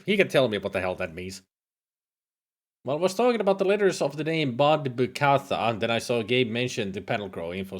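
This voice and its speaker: A man streaming a horror game, joking and chatting with his viewers in casual commentary. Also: medium pitch. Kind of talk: casual let's-play commentary.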